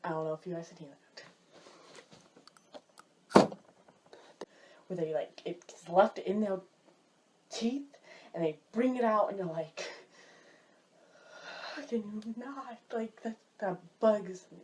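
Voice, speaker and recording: A woman's voice: fairly low pitch, slow, pauses often, a little mellow, slight background noise. A young woman ranting casually about everyday pet peeves as a vlogger, exasperated and filling her talk with "like.". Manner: chatty, exasperated, heavy use of "like". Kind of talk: casual list rant.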